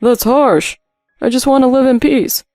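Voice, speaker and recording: A grown man whines and begs, his voice climbing high and loud, as a woman puts him on. There is a gravelly catch at the bottom of his tone. He sounds petulant and stretched thin. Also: steady tone, moderate pace, dry recording, clean studio sound, soft background music, lightly acted. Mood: whiny pleading. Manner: whining, pleading, high-strung. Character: whiny grown husband, pleading and petulant.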